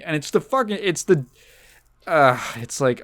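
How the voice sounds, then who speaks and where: Sarcastic podcast host, very lively pitch. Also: male voice, normal speed. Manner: rambling, sarcastic, swears freely. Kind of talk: casual chat recapping a movie.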